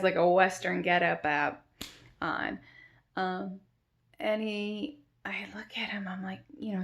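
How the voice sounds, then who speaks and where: A woman's voice: medium pitch, creaky, a bit bright. A woman casually retelling a dream, rambling with many filler words. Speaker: storyteller.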